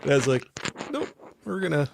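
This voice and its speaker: A man's voice: on the high side, sing-song, fairly quick, gravelly, a little mellow. Chatty man laughing through a livestream. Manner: rambling, laughs often, reads chat aloud. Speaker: host. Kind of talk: casual livestream chat.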